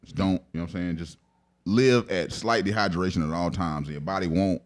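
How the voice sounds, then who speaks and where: A middle-aged man trading deadpan jokes and slangy stories on a podcast. His voice sits a little low, and he keeps checking in with "you know what I'm saying.". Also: brisk. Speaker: podcast co-host. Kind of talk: casual comedic banter and storytelling.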